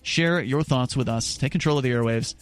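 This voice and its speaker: Faint background music accompanies a man of medium pitch speaking a little fast as he hosts a radio talk show. He reads news stories, chats with his co-host, and frequently restarts or goes off on asides.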